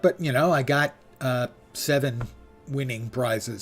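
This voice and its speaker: Older man streaming, voice going hoarse. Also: mid-range voice, normal speed, soft background music. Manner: wry, rambling, swears casually. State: losing his voice. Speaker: game streamer. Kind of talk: casual live-stream commentary.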